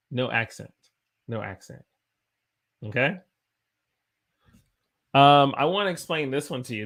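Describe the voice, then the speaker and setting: With a mid-range, fairly bright voice and a Southern US accent, this man gives a pronunciation lesson. He speaks slowly, says example words again and again, and responds to viewers' comments.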